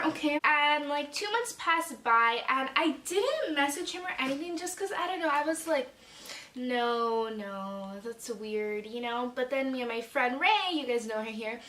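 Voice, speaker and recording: A woman's voice: high-pitched, sharp tone, slight background noise. A young woman telling a dramatic, chatty storytime vlog, swearing freely. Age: young adult. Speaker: vlogger. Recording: echoey room, mic a bit far.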